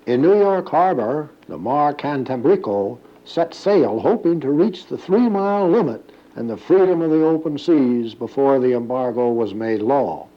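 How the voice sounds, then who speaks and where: A man's voice: mid-range voice, animated, normal speed, hardly any pauses, lo-fi sound. Man narrating a documentary. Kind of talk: scripted narration.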